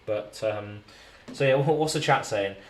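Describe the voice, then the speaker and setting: Laid-back English man, low voice. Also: unhurried, slight background noise. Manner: rambling, laid-back, swears casually. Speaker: streamer. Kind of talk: casual live-stream chat. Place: hotel room.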